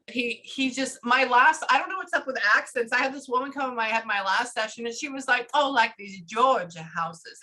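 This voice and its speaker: Woman, psychic medium, live reading, slightly high voice, clear bright tone, chatty and fast. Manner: rapid, chatty, swears casually.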